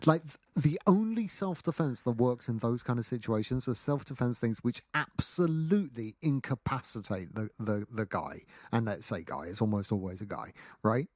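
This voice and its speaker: A man's voice: mid-range voice, moderate pace, hardly any pauses, no room sound, studio quality. A man co-hosting a podcast, chatting casually and wryly, acting out little scenes. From Britain. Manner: wry, animated, acts out quoted scenes. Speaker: podcast co-host. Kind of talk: casual chat.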